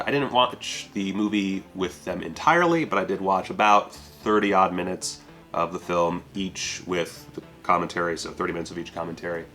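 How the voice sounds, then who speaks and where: Deep-voiced man casually reviewing a disc. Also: a bit bright. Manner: offhand, self-deprecating, casual swearing. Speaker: home video reviewer.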